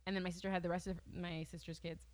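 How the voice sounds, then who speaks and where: A woman's voice: fairly low pitch, little pitch movement, very fast, darkish tone. A young adult woman chatting casually, telling a long story with "like" in almost every phrase and laughing often. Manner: chatty storyteller, heavy use of "like", frequent laughs. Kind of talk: casual chat.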